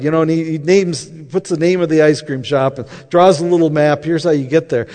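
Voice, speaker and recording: A man's voice: fairly high pitch, brisk, hardly any pauses, a little mellow. Man telling a story in a reverberant hall. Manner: conversational, acts out quoted dialogue. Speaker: speaker telling a faith story. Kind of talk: anecdotal storytelling talk.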